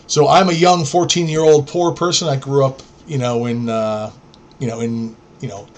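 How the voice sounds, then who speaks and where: A man's voice: mid-range voice, fairly even intonation, normal speed. A middle-aged man from New York, a podcast host telling stories in a blunt, profane, rambling way. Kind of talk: casual storytelling.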